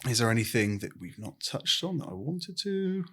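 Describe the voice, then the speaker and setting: A man's voice: medium pitch, big pitch swings, normal speed, pushed and bright, slightly rough. A man hosting an interview podcast, asking questions in an informal, hesitant way with lots of fillers. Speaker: podcast host. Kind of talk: casual interview chat.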